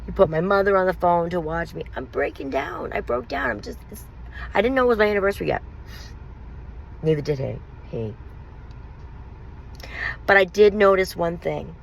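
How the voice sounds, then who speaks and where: A woman's voice: on the low side, lively intonation, moderate pace, creaky, pauses often, a little hiss or hum, low-quality recording. A woman and mother telling her own painful story on a vlog, in an emotional, rambling, confessional way. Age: adult, mother of young children.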